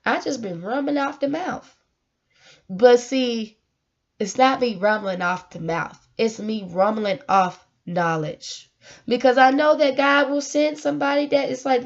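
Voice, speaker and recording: A woman with a fairly high voice vlogs to her viewers, earnest and preachy, laughing often between points. The recording sounds dull and lo-fi. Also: measured pace. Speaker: vlogger giving life advice. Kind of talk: casual emotional monologue.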